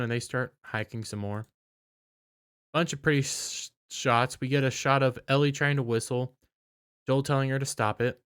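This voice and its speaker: A tired-sounding man recaps a TV episode in a loose, rambling way, stumbling and restarting as he goes. His voice is smooth and clear at a middle pitch. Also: fairly bright tone. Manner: rambling, halting, with restarts and filler. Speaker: video reviewer. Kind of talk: casual spoken episode recap.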